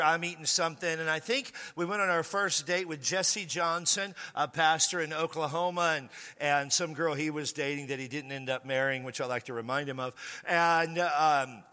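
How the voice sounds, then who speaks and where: A man with a high, very bright and cutting voice preaches to his congregation, telling a funny story. He exaggerates for laughs and bursts into sudden shouts. His voice rings out with a long reverb in a large church hall. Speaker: pastor. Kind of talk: humorous sermon storytelling.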